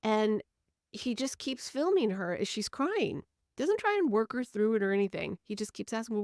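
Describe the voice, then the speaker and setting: A woman's voice: a little high, sing-song, normal speed, a little mellow, no echo, clean studio sound. A woman hosting a solo podcast, talking earnestly about feelings and explaining them through everyday stories. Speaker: podcast host. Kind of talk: reflective solo podcast talk.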